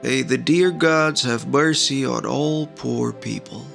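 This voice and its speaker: A man voicing a weary, poor old male peasant farmer who is emotional and cries out loudly. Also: mid-range voice, takes it slowly, creaky, roomy sound, recorded from a distance, faint music behind, heavily acted. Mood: pleading. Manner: emotional, given to loud cries.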